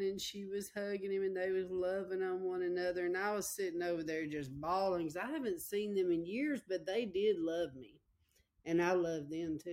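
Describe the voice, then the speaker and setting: A woman's voice: fairly low pitch, a little mellow. A middle-aged woman preaching a sermon, telling a personal testimony in an emotional, repetitive way and speaking straight to her listeners. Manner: emotional, repetitive storytelling, addresses listeners directly.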